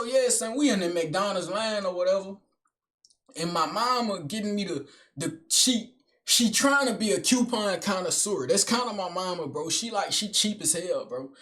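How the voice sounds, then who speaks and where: A young man with a slightly high voice tells a personal story in a loose, casual way. He talks bluntly, swears freely, and keeps calling the listener bro, gang and son. His delivery is street slang and unscripted. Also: a bit bright. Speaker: vlogger telling a personal story.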